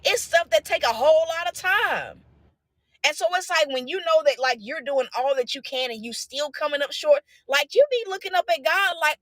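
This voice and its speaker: High-pitched young woman, bright voice, animated live talk, dry close sound. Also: moderate pace, no echo. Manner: animated, preachy, rhetorical questions, slangy. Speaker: vlogger sharing a faith message. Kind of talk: casual live talk to viewers.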